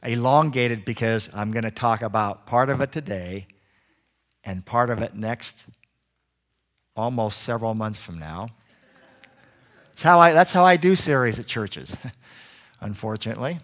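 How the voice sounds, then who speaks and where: A man preaching a sermon as a guest preacher, telling animated stories and joking with the congregation. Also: medium pitch, a little slow, long pauses. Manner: animated storytelling, acts out little scenes; jokey with the congregation.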